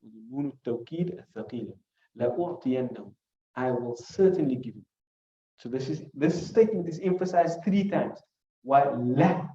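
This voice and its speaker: A man with a rather high, dark, expressive voice teaches a hadith class at a normal pace, going through Arabic words one at a time and posing rhetorical questions. He slips classical Arabic phrases in between his English. The recording is muffled and the room echoes.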